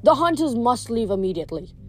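A woman's voice: a little high, sing-song, brisk, soft background music. A woman reading as a stern formal huntress girl. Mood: curt formal. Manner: formal, archaic, curt.

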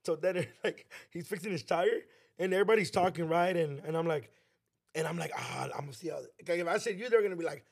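Gravelly high-voiced Los man. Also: fairly quick. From Los Angeles. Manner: slangy, acts out friends' voices. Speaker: podcast co-host. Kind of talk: casual podcast storytelling.

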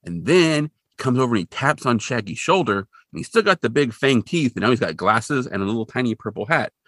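A man co-hosting a podcast in casual chat, retelling a cartoon episode in an animated way and jumping into voices for the characters. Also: a little fast, no room sound, studio quality. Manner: animated storyteller, jumps into high voices for quoted characters.

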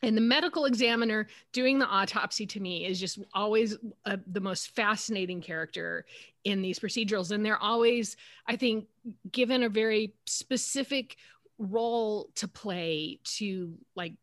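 A woman's voice: mid-range voice, moderate pace, a bit bright, no echo. Female podcast co-host, reflective and discursive, dry recording. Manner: thoughtful, long winding sentences. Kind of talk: casual chat.

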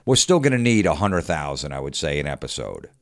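A Florida man with a rumbling low voice chats casually as a podcast guest, telling stories briskly and acting out the voices of the people in them. The studio-quality audio has no echo.

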